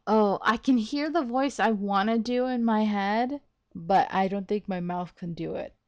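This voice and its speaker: A woman's voice: mid-range voice, measured pace, dry recording, lo-fi sound. A woman giving casual, chatty, self-deprecating commentary while playing a story game. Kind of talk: casual let's-play commentary.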